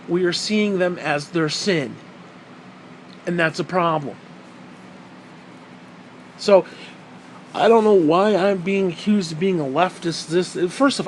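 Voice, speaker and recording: A man's voice: sits high, a little hiss or hum, low-quality recording. A man giving a heated, profane commentary rant on video, blunt and repeating his points for emphasis. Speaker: vlogger.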